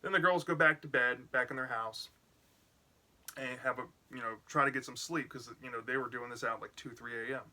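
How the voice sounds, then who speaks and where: Bright-voiced man recapping a book. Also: medium pitch, brisk. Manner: chatty, often adds "right?" and "y'all". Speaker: book reviewer. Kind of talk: casual plot recap.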